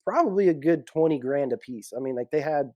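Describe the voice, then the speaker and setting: Mellow-voiced man telling stories. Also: a little high, brisk, no room sound, muffled recording. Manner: animated storyteller, laughs often. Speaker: executive protection guest. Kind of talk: casual storytelling interview.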